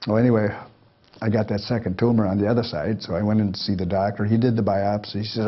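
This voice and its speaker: An older man tells his stories to a room in a folksy, rambling manner, chuckling as he goes. His voice is low and husky. The recording is dull and lo-fi. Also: fast. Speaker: speaker telling life stories to an audience. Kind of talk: storytelling talk.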